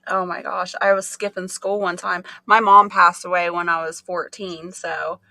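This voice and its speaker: A middle-aged woman hosting a livestream, telling animated stories in casual chat and laughing often. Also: fairly low pitch, normal speed, creaky, no room sound. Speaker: livestream host.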